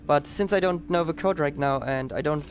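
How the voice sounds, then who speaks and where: Upbeat Dutch-accented speedrun commentator. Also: male voice, a little high, normal speed, a little hiss or hum. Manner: chatty, upbeat, explaining as he plays.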